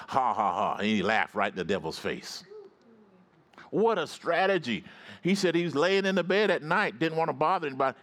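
Man preaching with call-and-response. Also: fairly bright tone. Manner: swings from low storytelling to high rising exclamations. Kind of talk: sermon.

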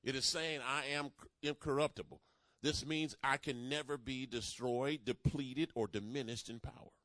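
A man delivering a sermon in a mid-range voice, calling on the congregation to repeat after him. He builds from measured teaching to loud, emphatic proclamations. The sound is dry and close. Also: mid-range voice, steady tone, no room sound. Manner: call-and-response preaching, rising to emphatic declarations. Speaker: pastor.

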